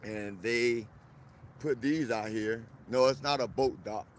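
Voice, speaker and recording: A man from South Florida chatting casually on a live stream outdoors in a park, animated and greeting viewers by name. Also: medium pitch, slow pace, slight background noise.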